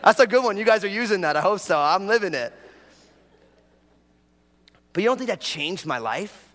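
A man preaching a humorous sermon, his voice sitting high for a man. He tells stories with energy and jumps into acted-out prayers and asides. The sound carries a long hall reverb. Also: normal speed. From New York. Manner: animated storytelling, acts out prayers in a raised voice. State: a bit dehydrated after travel. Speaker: pastor.

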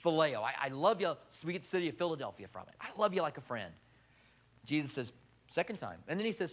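A middle-aged male pastor preaching a sermon, telling the story with big swings from loud, high emphasis to quiet, low delivery. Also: animated, brisk.

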